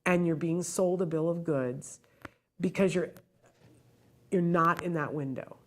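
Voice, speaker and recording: A woman's voice: fairly low pitch, a little slow. A middle-aged woman host giving earnest, heartfelt advice to parents in a direct, emphatic way.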